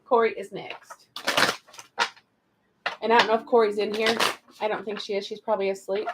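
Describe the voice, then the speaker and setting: A woman's voice: medium pitch, flat delivery, normal speed, heavy background noise. A woman giving live-stream spiritual card readings, chatty and calling viewers darling and sweetie. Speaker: spiritual reader.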